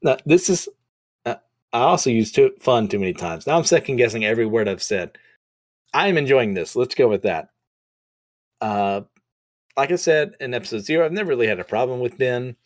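A man's voice: mid-range voice, lively intonation, brisk, long pauses. Brief: casual, self-deprecating male comic podcast host with a mid-range voice. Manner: chatty, self-deprecating, many fillers. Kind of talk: casual recap and review.

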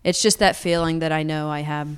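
A woman's voice: deep voice, steady tone, fairly quick, clean tone. A woman in her twenties, a singer-songwriter from Atlanta, chatting casually in an interview, rambling with lots of fillers. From Atlanta, United States. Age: 20s.

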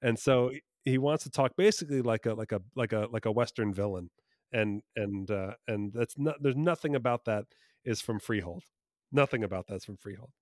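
A man's voice: on the low side, normal speed, darkish tone, no echo, clean studio sound. Enthusiastic man from New Jersey. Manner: enthusiastic, rambling, self-correcting. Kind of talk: casual podcast chat.

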